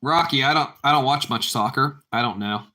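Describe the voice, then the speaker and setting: Bright-voiced casual streamer guy. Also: medium pitch, a little fast. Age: adult parent. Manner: rambling, repetitive, calls viewers bro. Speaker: livestream host. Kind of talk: casual livestream chat with viewers.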